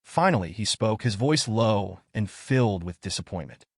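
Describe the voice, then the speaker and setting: Guy narrating a drama story, lowish voice that moves around a lot, dry close sound. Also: expressive, moderate pace, breathy edge, dry recording. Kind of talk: scripted first-person story narration.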